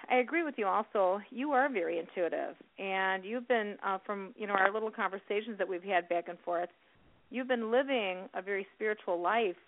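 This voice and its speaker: A woman hosting an internet radio show, chatting warmly and encouraging her guest. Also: mid-range voice. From Illinois. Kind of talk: casual interview chat. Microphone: phone call. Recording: tinny phone line.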